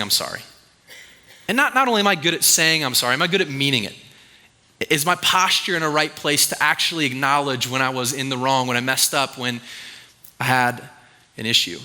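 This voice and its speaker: A man's voice: fairly high pitch, pushed and bright, long reverb tail. A man preaching a conversational sermon in church. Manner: conversational, acts out quoted voices. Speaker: pastor.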